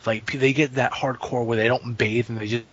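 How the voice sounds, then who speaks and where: A man telling profane stories as a podcast guest, casual and rambling, with animated impressions. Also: mid-range voice, a little fast, slightly rough. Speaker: podcast guest, fighting game player. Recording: muffled lo-fi podcast audio.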